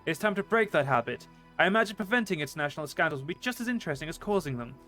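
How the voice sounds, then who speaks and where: A man's voice: a little high, lively intonation, racing, bright, forceful tone, soft background music. A man reading the lines of a smug young noble diplomat from a game. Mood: wry.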